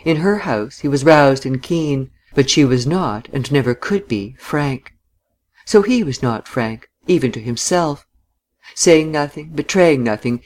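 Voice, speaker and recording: A narrator reading a novel aloud in a measured, even way. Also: mid-range voice.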